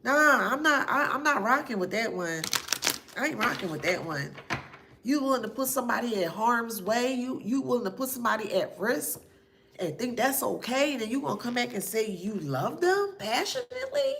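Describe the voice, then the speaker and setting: Incredulous woman, high lively voice. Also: slight background noise. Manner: laughing, incredulous, drawn-out reactions. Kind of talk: casual spiritual reading.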